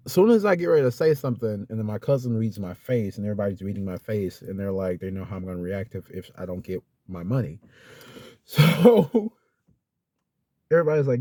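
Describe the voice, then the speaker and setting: Man, casual storytime vlog, rambling, exasperated, swears, warm voice, dry room. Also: medium pitch, no echo. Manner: rambling, exasperated retelling with acted-out quotes. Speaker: vlogger.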